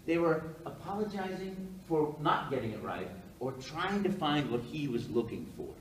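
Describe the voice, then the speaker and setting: An older man giving a rambling, animated storytelling talk on stage as a guest speaker, acting out quotes as he goes. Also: fairly high pitch, moderate pace, slight background noise. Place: hall at a live event. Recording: roomy hall echo, from far off, faint ambience.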